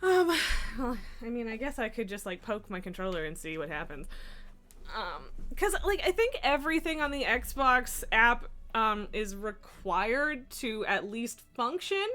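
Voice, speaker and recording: A woman's voice: fairly high pitch, sing-song, measured pace, bright, forceful tone. A woman streaming from home, chatting casually and cooing baby talk at her cats. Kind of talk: casual live-stream chat. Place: home room.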